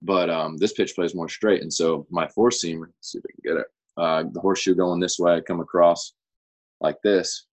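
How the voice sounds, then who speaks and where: A man's voice: low voice, little pitch movement, moderate pace, rough recording. A young man, a guest on an interview show, chatting casually and explaining things in an easygoing, rambling way. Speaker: guest pitcher.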